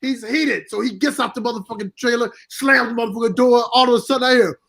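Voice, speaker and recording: A man with a strikingly high-pitched voice tells a rowdy story, swearing freely and laughing as he goes. He sounds like he is on a video call. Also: quick pace, creaky. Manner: animated, profane, laughing storyteller. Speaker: cast member guest.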